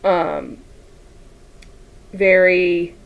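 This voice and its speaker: A woman talks her way through a sewing session on a livestream, easygoing and chatty. She drifts from one tangent to the next and laughs often. She speaks at a slow, unhurried pace. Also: fairly low pitch, fairly even intonation, creaky, narrow, tinny audio. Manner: chatty, rambling, laughs often, reads chat aloud. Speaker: quilting livestream host. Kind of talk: casual chat while sewing.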